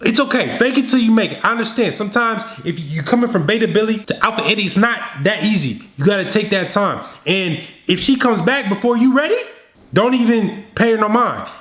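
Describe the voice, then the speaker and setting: A man making a dating advice video, talking straight to the viewer in a slangy, scolding, animated way. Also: high voice, brisk, roomy sound. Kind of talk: direct-to-camera coaching.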